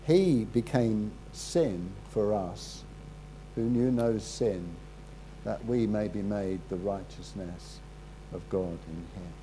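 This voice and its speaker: Slow, low-key preacher man. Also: slight background noise, rough recording. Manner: halting, repeats words, drops low and quiet for serious moments. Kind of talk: sermon storytelling.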